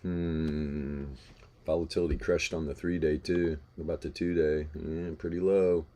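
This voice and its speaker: A man's voice: very deep voice, little pitch movement, normal speed, warm tone, a little hiss or hum. A man hosting a live trading stream, chatting casually about charts, swearing and laughing as he tells stories. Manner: laid-back, swears, laughs while telling stories.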